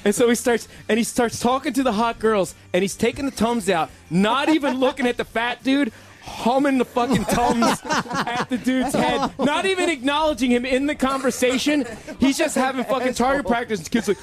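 A man telling a crude, animated story among friends, swearing and laughing often. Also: very high voice, brisk, faint music behind.

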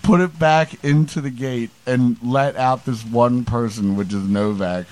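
A man's voice: mid-range voice, measured pace. A man in casual chat, telling crude stories while laughing and acting out other people's voices. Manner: laughing storyteller, crude and animated, acts out voices.

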